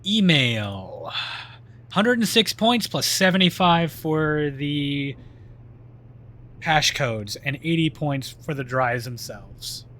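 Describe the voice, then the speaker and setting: A man's voice: fairly high pitch, expressive, slow, fairly bright tone. A man streaming live gameplay, chatting and laughing often, trailing off mid-sentence.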